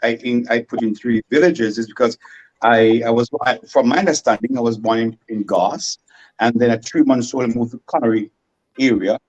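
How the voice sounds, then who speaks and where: A man from Saint Vincent with a Vincentian accent, a radio guest in casual chat, animated and prone to repeating and restarting his words. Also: mid-range voice, normal speed, lo-fi sound. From Saint Vincent and the Grenadines.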